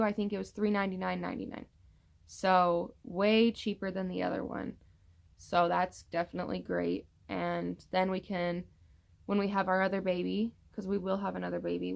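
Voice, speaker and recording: A woman's voice: medium pitch, level tone, moderate pace, vocal fry. A young woman casually chatting through a pregnancy update vlog, rambling with many fillers and tired from yawning. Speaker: vlogger.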